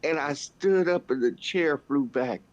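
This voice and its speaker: A woman's voice: deep voice, unhurried, darkish tone. Blunt, cussing woman on a lo-fi mic. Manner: blunt and profane, venting. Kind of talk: casual chat. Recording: dull lo-fi recording.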